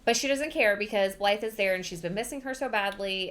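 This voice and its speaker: A woman's voice: mid-range voice, a little fast, fairly bright tone. Chatty young woman recapping a book. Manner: chatty, rambling, with lots of fillers. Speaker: podcast host.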